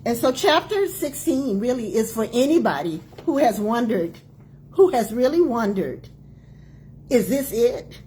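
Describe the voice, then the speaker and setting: A woman in her forties, a doctor and author hosting her own book launch, talking live to viewers with emphatic repetition and quick greetings to people joining. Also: a little high, very animated, dark tone, a little hiss or hum. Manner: emphatic, repeats key phrases, calls out greetings to viewers. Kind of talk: live-streamed talk to viewers.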